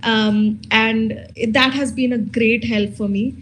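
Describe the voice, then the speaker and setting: Candid woman in her thirties, halting. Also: fairly high pitch, steady tone, slight background noise, low-quality recording. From India. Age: 30s. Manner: candid, halting, many fillers and restarts. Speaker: panel speaker. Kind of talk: personal testimony at a conference.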